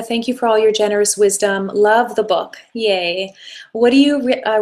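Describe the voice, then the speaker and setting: A woman hosting a live self-help session, answering viewer questions in a gentle, coaching way with long flowing sentences. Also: medium pitch. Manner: gentle, coaching, speaks in flowing run-on phrases.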